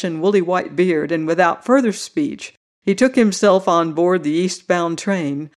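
A narrator reading a first-person story in a measured, literary way. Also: mid-range voice. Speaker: audiobook narrator.

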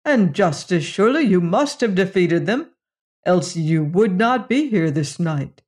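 A reader voicing a gentle, sorrowful alien villager who speaks in formal, old-fashioned phrases, in an audiobook story. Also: medium pitch, lively intonation, measured pace. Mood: sorrowful, pleading. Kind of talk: audiobook reading.

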